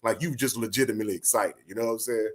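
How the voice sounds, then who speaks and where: A man's voice: fairly low pitch, racing. A man co-hosting a boxing talk show, chatting in a laid-back, rambling, slangy way. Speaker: boxing podcast co-host. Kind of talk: casual chat.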